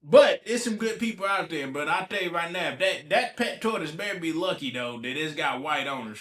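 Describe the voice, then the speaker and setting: This solo podcast host from Ohio, USA, is a little sick but still reacts to headlines in colloquial, loose chatter, talking back to them and repeating himself. His voice is on the high side, expressive and fairly bright, fairly quick with few pauses, in a reverberant room.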